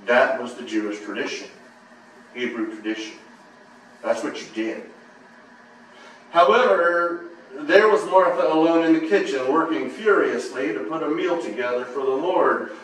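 A male pastor delivering a sermon as dramatic storytelling that swings between hushed and loud. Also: fairly high pitch, expressive, normal speed, a little hiss or hum. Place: church sanctuary. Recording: echoey church from a distance.

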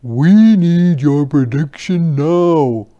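A man voicing an anxious animal friend who calls out loudly for a groundhog, read aloud to children. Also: fairly high pitch, lively intonation, drawn-out words, lo-fi sound, voice pushed up. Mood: urgent.

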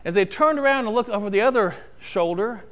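Lively high-pitched male pastor preaching. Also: brisk. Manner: storytelling, rising and falling, ends in prayer. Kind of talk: sermon. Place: church sanctuary.

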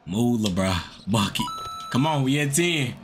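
A man giving excitable commentary over his own basketball video game, trash-talking, swearing, muttering to himself and yelling when he scores. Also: mid-range voice, a little slow, noisy background. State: out of breath. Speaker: gaming YouTuber. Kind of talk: live gameplay commentary. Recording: music playing under the voice.

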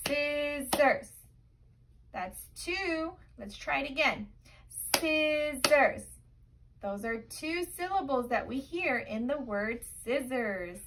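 High-pitched woman teacher, super slow and patient, sing-songy with the little ones. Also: bright, forceful tone. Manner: slow, encouraging, sing-song teacher talk with many "okay?" checks. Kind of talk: remote class lesson for young children.

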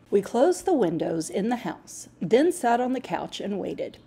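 A woman reading a storybook aloud to elementary pupils in a clear, teacherly, explanatory way. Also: mid-range voice, big pitch swings, unhurried, few pauses, warm tone.

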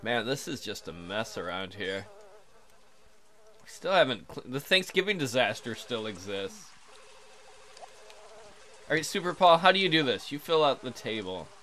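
Bright-voiced joking man playing a game. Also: lowish voice, a little hiss or hum. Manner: joking, crude, chatty with the characters. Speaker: let's play host. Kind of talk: casual game commentary.

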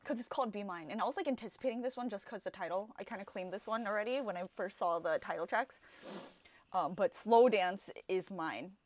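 A young adult woman reacting to an album on first listen, gushing and excitable, full of exclamations and trailing fillers. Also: medium pitch, fairly quick, no room sound. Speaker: music reaction vlogger.

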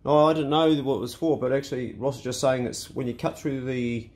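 A man's voice: medium pitch, steady tone, fairly quick, a little mellow. A man with a New Zealand accent, a rural vlogger chatting casually outdoors on his farm in a laid-back, colloquial way. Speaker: vlogger and homesteader. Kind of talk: casual vlog chat.

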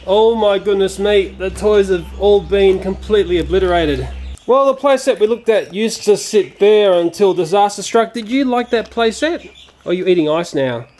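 A man's voice: high voice, lively intonation, moderate pace, a little mellow. A man casually reviewing a toy playset, chatty and given to exclamations like "oh dear.".

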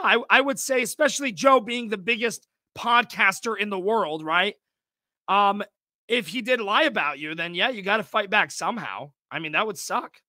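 Male reaction host, high bright voice, dry close mic, mocking and animated. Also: no echo. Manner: animated, laughing, mocking impressions. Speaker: commentary channel host. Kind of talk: reaction commentary on video clips.

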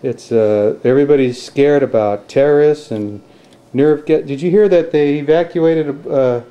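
Indoors at the family home, a dad holds a camcorder and speaks sincerely while coaxing his toddler in a singsong voice. He has a fairly high, smooth, dark-toned voice and a measured pace.

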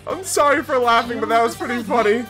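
A man reacting casually to a video game trailer, excitable, swearing freely and breaking into loud laughs and shouts. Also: very high voice. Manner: swears freely, says dude and bro.

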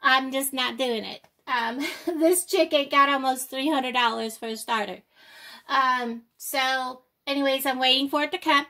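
A woman's voice: high-pitched, fairly even intonation, moderate pace, pushed and bright. An older woman vlogging, out of breath, with slightly off speech, rambling and apologetic with many ums. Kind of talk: casual chat to camera.

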